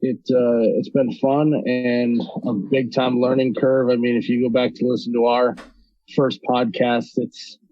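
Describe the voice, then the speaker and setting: Casting: guest man from North Dakota, easygoing, with lots of ums, monotone, over a slightly muffled dry line. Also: medium pitch, a little slow, no echo. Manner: relaxed, with many ums and restarts. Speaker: podcast guest, video creator. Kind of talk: casual interview talk.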